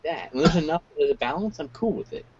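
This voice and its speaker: A man's voice: a little high, expressive, fast talker, darkish tone, muffled recording. A man co-hosting a casual geek chat, talking loosely with some stammering restarts. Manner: casual, stammers, speaks his mind.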